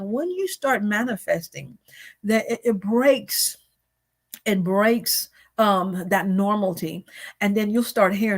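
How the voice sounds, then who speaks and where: A woman delivers a sermon at an ordinary middle pitch. She talks in a conversational way, repeats her phrases for weight and keeps asking rhetorical questions. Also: expressive, moderate pace. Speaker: preacher.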